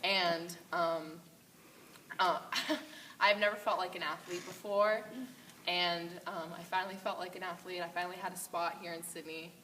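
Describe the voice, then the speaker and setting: Teen girl rambling with lots of likes and ums, bright sharp voice, mic a bit far, light hiss. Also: lowish voice, fairly even intonation, moderate pace. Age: late teens. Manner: rambling, giggly, many fillers. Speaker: high school cross country runner. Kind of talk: casual interview answers. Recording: distant mic, faint hiss.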